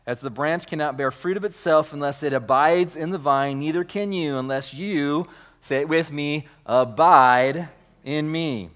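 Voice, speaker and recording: A pastor delivering a sermon in a fairly high male voice. He reads the scripture out, then builds his point by repeating key words and stopping to restart phrases. He calls on the congregation to say lines with him. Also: a bit bright.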